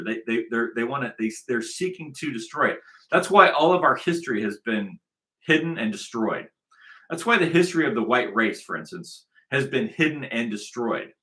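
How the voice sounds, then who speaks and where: A man delivering an angry, profane commentary rant, restarting and repeating his words as he goes. His voice is bright and edged, sitting at an ordinary middle pitch for a man. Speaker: commentary host. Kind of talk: ranting commentary over played clips.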